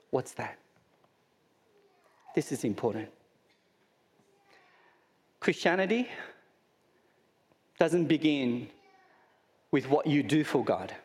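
A man's voice: on the high side, in a large hall. A man with an Australian accent preaching a sermon in a conversational way, with rhetorical questions and humorous asides. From Sydney, Australia. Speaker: pastor.

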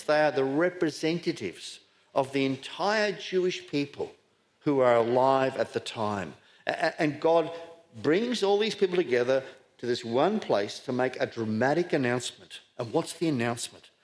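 A middle-aged man born in Scotland, preaching a sermon with rhetorical questions and repeated words for emphasis. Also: medium pitch.

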